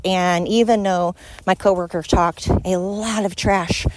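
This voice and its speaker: A woman's voice: on the low side, fairly even intonation, a little slow, background noise. A woman hosting a podcast, talking at home in a frank, rambling monologue as she vents. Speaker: podcast host. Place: at home with her dog.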